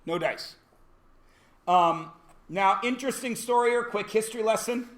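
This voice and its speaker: A man's voice: high voice, normal speed, fairly bright tone. A man teaching a classroom lesson, joking and quizzing his students as he goes. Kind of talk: classroom lecture.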